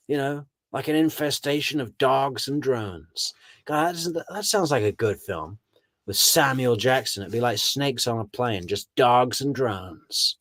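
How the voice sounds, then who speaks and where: A man delivers casual true crime commentary in a sardonic, chatty way, often putting on voices to mock what others said. His voice sits at an ordinary pitch. The sound is close and dry, with no room echo. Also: fairly bright tone. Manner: sardonic, acts out quotes in mocking voices.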